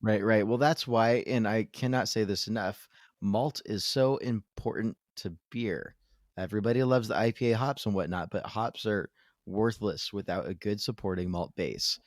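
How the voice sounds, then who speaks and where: A man's voice: on the low side, normal speed, no room sound. A man co-hosting a podcast, chatting casually with dry, joking asides. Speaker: podcast co-host. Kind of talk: casual chat.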